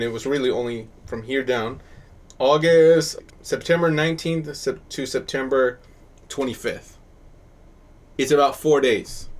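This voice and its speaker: Animated man quizzing his class. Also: a little high. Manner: quizzes the class, coaxing answers, animated bursts of praise. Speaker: crypto chart teacher. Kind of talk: live class teaching chart reading. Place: online class session.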